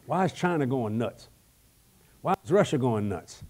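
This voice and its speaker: An older man preaching a comic, animated sermon, with sudden shouts, laughing asides and folksy grammar. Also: medium pitch, normal speed, long pauses. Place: large church hall.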